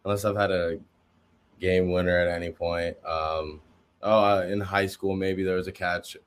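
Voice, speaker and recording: A man's voice: sits low, steady tone, moderate pace, clean tone. A young man answering interview questions casually, in a humble, hesitant way with many fillers. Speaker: guest college football player.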